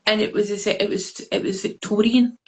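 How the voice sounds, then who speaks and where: A woman's voice: mid-range voice, steady tone, moderate pace, a little mellow, poor audio. A Scottish woman being interviewed over a video call, telling a story in a rambling way with many fillers and restarts. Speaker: guest, deck creator.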